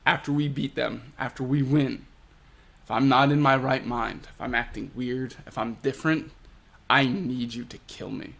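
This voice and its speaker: A man voicing a brooding young male fighter who speaks low, hushed and earnest. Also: normal speed, gravelly. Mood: grave.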